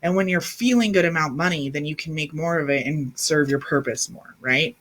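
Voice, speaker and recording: A woman's voice: low voice, fairly quick, fairly bright tone. A woman in her thirties hosting a spiritual livestream, talking in an intense, emphatic and rambling way, now and then answering viewers directly into a webcam or phone mic. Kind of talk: casual spiritual livestream talk.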